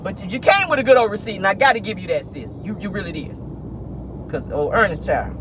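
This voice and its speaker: A man hosts a casual celebrity gossip vlog from his car, talking with playful sass and frequent laughter. His pitch leaps and dives expressively. Faint noise from the car hums in the background. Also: lively intonation, brisk. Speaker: host.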